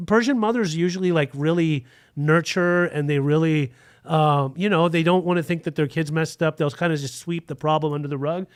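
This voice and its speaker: A man's voice: fairly high pitch, a little fast, smooth, no room sound, clean studio sound. A man in his forties telling a frank, rambling story in a casual podcast interview, with plenty of "like" fillers.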